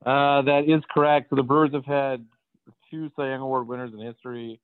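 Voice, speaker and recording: A man's voice: medium pitch, level tone, fairly quick, clear, resonant tone, no room sound, narrow, tinny audio. A man from Wisconsin with a Wisconsin accent, co-hosting a podcast in a casual, chatty way and laughing often. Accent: Upper Midwest, Wisconsin. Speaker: podcast co-host. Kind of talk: casual chat.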